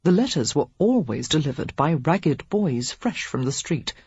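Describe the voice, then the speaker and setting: Audiobook narrator, steady measured reading, husky voice, dry dull lo-fi sound. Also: mid-range voice, no room sound.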